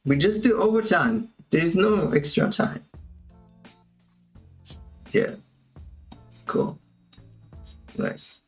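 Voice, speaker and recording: A man's voice: high-pitched, expressive, extremely slow, pauses often, faint music behind. A man teaching animation on a livestream, chatting casually and talking to himself as he works. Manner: casual, chatty, talks to himself while working. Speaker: animation instructor. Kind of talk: livestream tutorial commentary.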